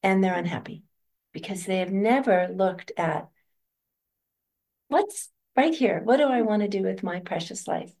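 Older woman, gentle reflective teacher. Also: mid-range voice, unhurried. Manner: reflective, gentle, laughs often. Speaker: meditation teacher. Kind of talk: dharma talk answering questions.

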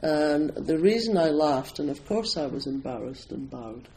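A man's voice: a little high, animated, moderate pace, darkish tone, slight background noise, low-quality recording. A Scottish man, a Zen priest and meditation teacher, giving an informal talk to an audience in a chatty, self-deprecating way, with plenty of ums and you-knows. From Scotland.

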